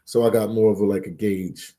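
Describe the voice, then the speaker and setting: A man's voice: on the low side, fairly even intonation, a little fast, mellow. A man hosting a casual live stream, reading chat aloud and bantering, repeating words and phrases as he goes. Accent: Philadelphia.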